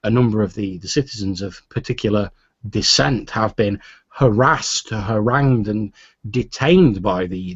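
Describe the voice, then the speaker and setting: A man voicing a soft-spoken, polite woman who talks hesitantly. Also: on the low side, husky, dry recording. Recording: dull lo-fi recording.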